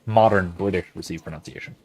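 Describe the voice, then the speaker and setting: Guy w a lowish voice rambling like a professor while gaming, lots of ums and restarts. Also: fast talker. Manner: reads out viewer chat and reacts. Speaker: gaming channel host. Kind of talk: casual explanatory commentary while playing.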